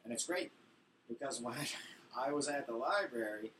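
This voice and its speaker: A man's voice: medium pitch, normal speed, pauses often, a bit bright. Crude rambling male stand-up comic. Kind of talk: stand-up set. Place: small stage. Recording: far from mic, faint noise.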